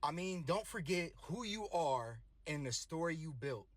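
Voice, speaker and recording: A man's voice: fairly high pitch, expressive, unhurried, no room sound. A man in his thirties earnestly and casually telling a personal motivational story.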